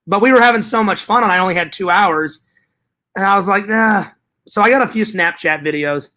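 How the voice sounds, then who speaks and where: A man hosting a casual live stream, reading chat messages aloud and answering them in an animated, profane way that often repeats itself. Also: high-pitched, brisk.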